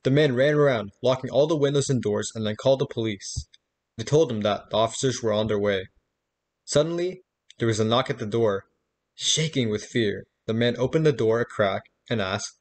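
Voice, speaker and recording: A man telling a spooky campfire story in steady storybook narration. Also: medium pitch, normal speed. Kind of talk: reading a campfire story aloud.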